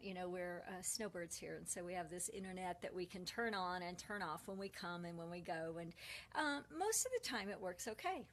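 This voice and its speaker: A woman's voice: on the low side, a little hiss or hum. A middle-aged woman hosting a live online show, telling a casual story and acting out both sides of the dialogue. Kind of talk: casual live-stream talk.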